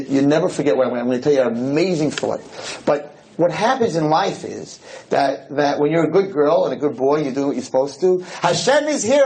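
A man, a rabbi, giving a storytelling lecture to an audience, animated and acting out the dialogue. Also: medium pitch, slight background noise, rough recording. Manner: animated, acts out dialogue, sprinkles in Hebrew and Yiddish terms.

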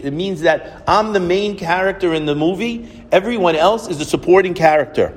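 A man's voice: sits high, normal speed, slightly rough, long reverb tail. A male rabbi giving a reflective, storytelling sermon. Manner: storytelling, reflective, quotes others at length.

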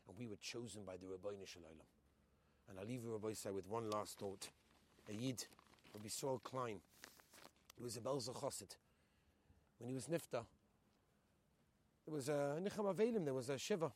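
A man telling a solemn religious story, peppering his English with Hebrew and Yiddish words, rising to loud fervor and sinking to hushed tones. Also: moderate pace, long pauses, a little hiss or hum. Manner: builds to high, loud intensity, then drops to hushed, solemn tones. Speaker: storyteller on a group heritage trip. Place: on location at a memorial site.

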